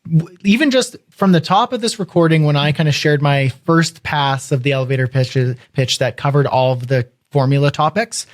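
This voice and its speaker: Emphatic man with a slightly high voice. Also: fairly quick, few pauses. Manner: energetic, emphatic, acts out quotes. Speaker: podcast co-host. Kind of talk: casual podcast chat.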